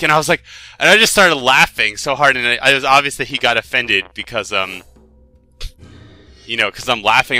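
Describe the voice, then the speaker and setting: A young man, a gaming video host, casually telling a rambling, self-deprecating story over his gameplay commentary, getting animated when excited. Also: mid-range voice, moderate pace, no echo. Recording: dry close mic with faint game music.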